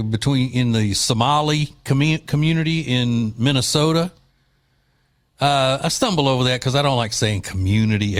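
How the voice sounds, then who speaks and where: A man hosting a talk radio show, speaking in a loose, joking, opinionated way with plenty of fillers, recorded on a studio mic. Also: medium pitch.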